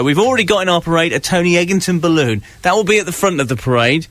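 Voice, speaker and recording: A man's voice: high-pitched, animated, quick pace, fairly bright tone. A man from England, hosting a breakfast radio show and teasing his co-host while reading news in mock-dramatic tones. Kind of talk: casual radio banter.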